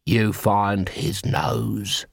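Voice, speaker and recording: A man voicing a nervous, secretive male clown who mumbles and hisses in a low voice. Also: unhurried, a bit bright, no room sound, studio quality. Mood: hissing.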